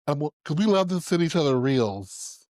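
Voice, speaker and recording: Man, podcast co-host, playful, laughing a lot, very lively pitch, dry close mic. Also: normal speed, no echo. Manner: animated, laughing storyteller. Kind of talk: casual chat.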